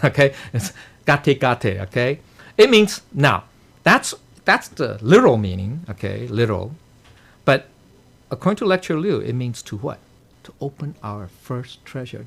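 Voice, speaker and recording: A man leads a temple study class, his pitch leaping up and down as he explains a sutra line by line. He keeps asking "okay?" and "right?" to check that the room is following, and chuckles now and then at his own jokes. His voice sits at an ordinary middle pitch. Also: big pitch swings, unhurried, gravelly, a bit bright. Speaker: dharma teacher.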